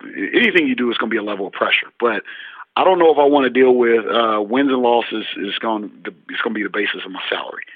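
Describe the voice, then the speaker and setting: A basketball coach in an interview, telling stories and acting out what people said. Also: male voice, medium pitch, fast, no room sound. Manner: animated storyteller, acts out dialogue. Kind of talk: interview storytelling. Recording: husky, tinny phone-like line.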